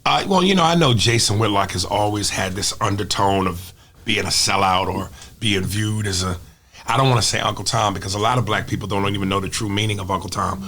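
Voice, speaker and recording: A man's voice: on the low side, fairly quick, sharp tone. A man guest comedian in casual chat, making his points bluntly and emphatically, with some profanity.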